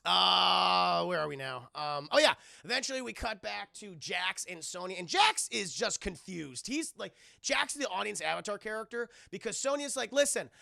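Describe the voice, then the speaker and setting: A man's voice: sits high, lively intonation, normal speed, vocal fry, hardly any pauses, pushed and bright, no room sound, studio quality. A man streaming live, recapping a film to his chat in a sarcastic, swearing, casual way and acting out the scenes.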